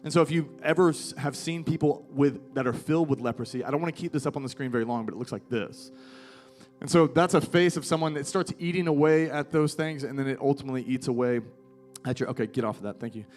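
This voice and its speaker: A man's voice: medium pitch, fast talker, a little mellow, faint music behind. A man in his thirties, a pastor giving a live sermon in a casual, conversational way that grows emphatic. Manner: conversational preaching, rising to emphatic. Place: church hall with live audience.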